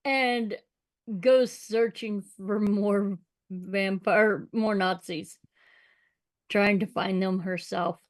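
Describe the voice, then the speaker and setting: A woman playing a tabletop game, explaining her moves in a measured way. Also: medium pitch, fairly even intonation. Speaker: player.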